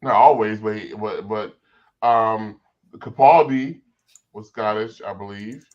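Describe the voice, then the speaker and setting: A man's voice: fairly low pitch, slow. A man on a discussion panel, talking casually and repeating words as he restarts his thoughts. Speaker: podcast panelist. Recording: dull lo-fi sound.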